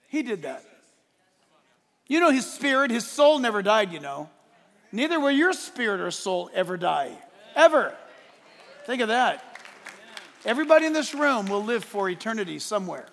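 Pastor, male, very high voice, emphatic sermon delivery, quiet asides to shouts, church sanctuary with long reverb. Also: very animated, normal speed, pauses often. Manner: emphatic, swings from hushed to shouting, laughs at his own points.

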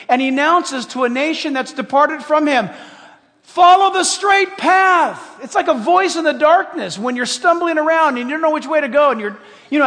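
Male pastor, very high pitch, emphatic sermon delivery in a reverberant sanctuary. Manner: emphatic preaching, swinging between loud and hushed. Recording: long hall reverb.

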